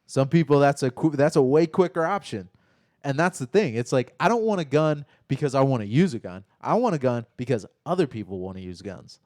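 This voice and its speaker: A man co-hosting a casual live chat, telling stories in a profane, animated way. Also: medium pitch, fairly quick, dry recording, studio quality. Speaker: podcast co-host.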